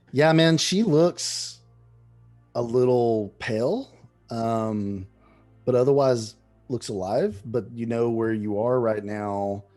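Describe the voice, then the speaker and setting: A man's voice: mid-range voice, dark tone. A man running a tabletop game as dungeon master over an online call, narrating casually with many hesitations and fillers. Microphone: online call microphone.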